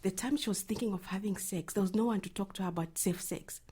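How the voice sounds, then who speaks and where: A reproductive health advocate answers interview questions earnestly, her phrases often trailing off into a near whisper. She talks fast in a medium-pitched voice that is warm in tone and slightly rough.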